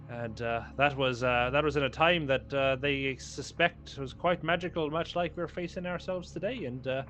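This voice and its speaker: A man voicing a brisk, no-nonsense woman first mate who talks bluntly and scolds. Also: mid-range voice, pushed and bright.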